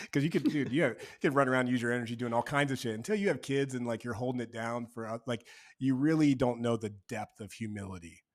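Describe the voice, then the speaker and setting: Podcast guest, man, mid-pitched voice, earnest and relaxed, casual slang. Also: quick pace, hardly any pauses. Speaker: podcast guest, men's community co-founder. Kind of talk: casual conversation.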